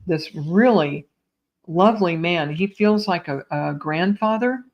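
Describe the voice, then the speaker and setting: Gentle, reassuring psychic medium woman. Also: fairly low pitch, animated, unhurried, lo-fi sound. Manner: gentle, reassuring, addresses viewers as sweetheart and my dear. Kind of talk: live online psychic reading.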